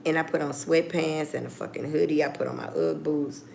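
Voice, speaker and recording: Gravelly low-voiced woman telling a story. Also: steady tone, brisk, a little mellow, a little hiss or hum. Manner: blunt, profane, acts out phone calls. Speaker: vlogger. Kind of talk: casual storytelling.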